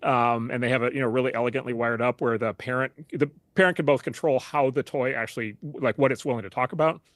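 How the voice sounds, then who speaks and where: A middle-aged man, a tech investor guest, talking in a casual interview, rapid and animated with many fillers and restarts. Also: medium pitch, dry recording. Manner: rapid and animated, full of "you know" and restarts.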